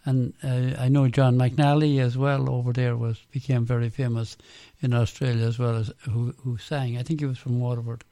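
A male radio presenter with a gravelly, creaky voice talks in a halting, off-the-cuff way, pausing often between thoughts. The sound is dry and close, with no room around it. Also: mid-range voice, level tone, warm tone, no room sound. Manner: halting, off-the-cuff, with many pauses.

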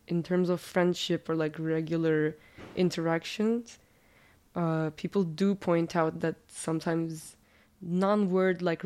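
Low-voiced, slightly nasal Turkish-speaking woman. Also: darkish tone. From Turkey. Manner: chatty, many fillers and self-corrections. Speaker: interviewee. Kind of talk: casual interview answers.

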